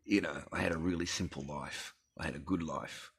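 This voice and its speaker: Gruff low-voiced swearing Australian man. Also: fairly quick. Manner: heavy swearing, blunt and rambling. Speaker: vlogger. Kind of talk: ranting personal story.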